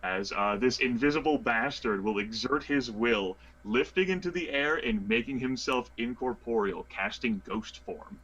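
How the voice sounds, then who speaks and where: A man's voice: mid-range voice, moderate pace, few pauses, fairly bright tone, breathy edge. A man playing a tabletop game, casual and profane, laughing as he describes his character. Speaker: player. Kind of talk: casual tabletop role-play. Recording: dull lo-fi voice chat with faint noise.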